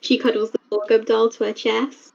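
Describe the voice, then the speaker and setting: A woman with a slightly high voice plays in an online tabletop game, casually narrating her character's actions. Her voice comes through a dull, lo-fi call line. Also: level tone, normal speed, creaky, a little mellow. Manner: chatty, describes her character in third person. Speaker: player.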